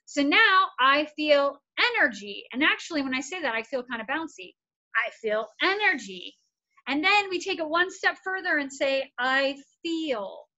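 A woman's voice: sits high, lively intonation, normal speed, few pauses, pushed and bright, highs cut off. A woman therapist giving a casual, upbeat wellness workshop, encouraging and repetitive. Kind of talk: casual instructional talk.

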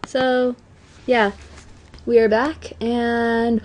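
Chatty teenage girl gamer, slow and apologetic. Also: fairly high pitch. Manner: chatty, apologetic, self-mocking, bursts of excitement. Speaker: let's play gamer. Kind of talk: casual gameplay commentary. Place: home.

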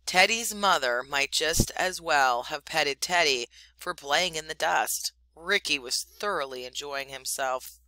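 A woman teacher narrates a story aloud in an expressive, animated way. Her voice is bright and clear, and it sounds close and dry. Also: low voice, unhurried, few pauses, no room sound, rough recording.

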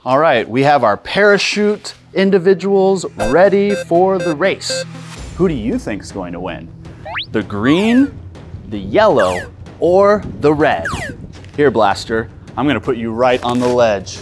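A man hosting a children's educational show, talking to young viewers in an excited, exaggerated way. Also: mid-range voice, measured pace, music in the background. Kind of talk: upbeat kids' educational presenting.

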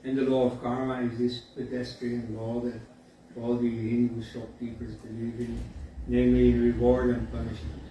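A man giving a university lecture in a storytelling way, often pausing with fillers and asides like "you see.". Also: medium pitch, completely flat delivery, warm tone, dull audio. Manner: conversational, frequent "you see" and filler pauses. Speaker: guest lecturer. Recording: echoey hall from far off, faint background noise.

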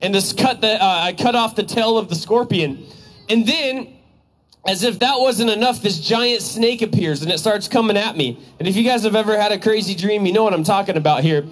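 Young man, evangelist, high-pitched, fervent sermon storytelling, casual fillers. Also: fairly quick, poor audio. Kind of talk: preaching a sermon.

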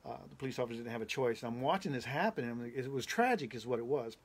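A man's voice: medium pitch, animated, quick pace. A male pastor earnestly recounting a prophetic dream, talking emphatically and repeating himself for effect. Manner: emphatic, repetitive, building intensity. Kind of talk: preaching testimony of a prophetic dream.

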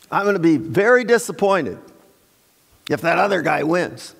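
A man preaching a Sunday sermon as pastor, unhurried and folksy, with restarts, fillers and joking asides to his congregation. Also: a little high, sing-song, creaky, breathy edge. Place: church sanctuary. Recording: long church-hall reverb.

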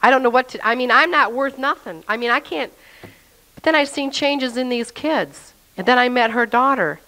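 A woman's voice: high-pitched, moderate pace, sharp tone, low-quality recording. A woman telling her personal faith testimony in an earnest, emotional way, speaking straight to the listener.

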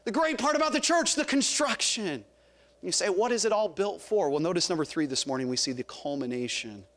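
In a church sanctuary, a pastor with a Southern US accent preaches expressively and a little fast. He questions the congregation, calls members by name, and swings between loud calls and low tones.

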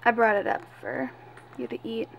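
A woman voicing a sheepish girl who talks softly and hesitantly, in amateur doll-video voice acting. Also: on the high side, sing-song, moderate pace, creaky, muffled recording, slight background noise. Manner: soft, hesitant and apologetic. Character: girl Ashley, sheepish former rival.

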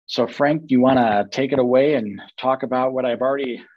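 Man walking an audience through a technical webinar, husky tone, explanatory with self-corrections. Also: medium pitch, dry recording, dull audio. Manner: explanatory, with quick restarts and asides. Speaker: company tech chief presenting a webinar.

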